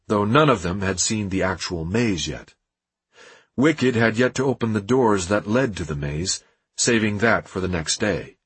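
Husky-voiced man reading a novel. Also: fairly low pitch, fairly bright tone, no echo. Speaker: narrator. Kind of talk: audiobook narration.

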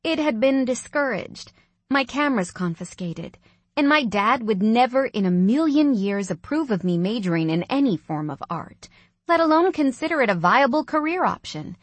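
Woman, first-person audiobook narration, soft, reflective, dry close sound. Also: a little high, sing-song, moderate pace, no room sound.

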